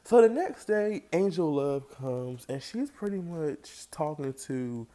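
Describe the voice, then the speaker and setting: Mellow-voiced man recapping a reality show. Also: on the high side, takes it slowly. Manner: animated, acts out quoted lines in raised voice. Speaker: reality TV reviewer. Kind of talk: casual recap and commentary.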